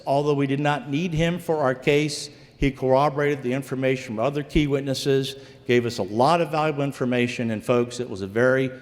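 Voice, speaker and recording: A man's voice: mid-range voice, in a large hall. A man from Virginia, a former investigator, telling a true story live on stage in a folksy way, calling the audience folks.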